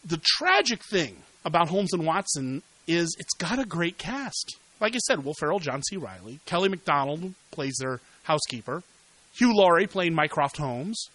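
Casting: middle-aged male podcast reviewer, high bright voice, dry close mic. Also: moderate pace, no room sound, rough recording. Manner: animated, repeats words when worked up. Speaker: podcast host, movie reviewer. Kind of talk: casual movie review.

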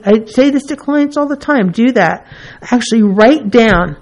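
A woman's voice: a little high, expressive, unhurried. A woman therapist in a casual teaching talk, who acts out the feelings she names with her voice. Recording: dull lo-fi recording.

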